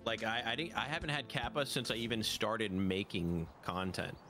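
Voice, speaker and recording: Man, low voice, laid-back gaming chat, matter-of-fact, music behind. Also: moderate pace. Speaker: streamer teammate.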